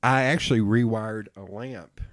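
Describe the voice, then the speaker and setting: A young man hosting a podcast, telling stories in a casual, animated way and swearing freely. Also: fairly low pitch, a little slow, no room sound, clean studio sound. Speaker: podcast host. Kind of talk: casual chat.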